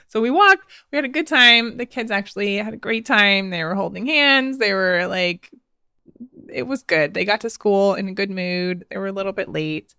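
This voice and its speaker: A woman's voice: mid-range voice, moderate pace, sharp tone, clear, resonant tone, no room sound, studio quality. A woman in her thirties, a podcast host, telling a personal story in a casual, chatty way with frequent laughs and fillers. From United States.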